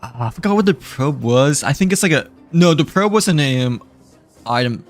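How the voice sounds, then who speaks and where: A man's voice: a little high, expressive, normal speed, soft background music. Rambling man narrating his gameplay. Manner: rambling, full of fillers, chuckling. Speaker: gamer. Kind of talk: casual gameplay commentary.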